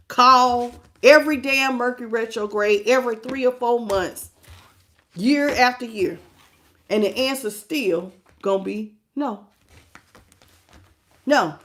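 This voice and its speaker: Emphatic woman giving a tarot reading. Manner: emphatic and preachy, swings between low murmurs and loud outbursts. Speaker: tarot reader. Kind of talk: live-streamed tarot reading, greeting viewers.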